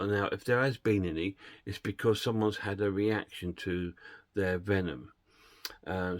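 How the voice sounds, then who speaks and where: A man's voice: deep voice, dry recording, clean studio sound. A man casually retelling a film plot and reviewing it, rambling and hesitant with plenty of fillers.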